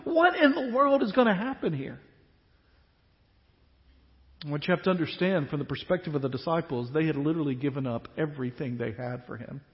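A male pastor preaching a sermon, animated, acting out the disciples' questions in quick bursts. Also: fairly high pitch. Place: church sanctuary. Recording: dull sound with long church reverb.

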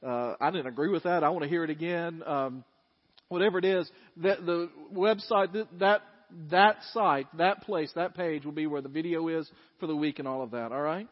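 A man preaching in a church, talking to the congregation in a folksy, chatty way. His voice sits high. The sound is dull, and a long reverb from the sanctuary trails each phrase. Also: normal speed. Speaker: pastor. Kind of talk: sermon.

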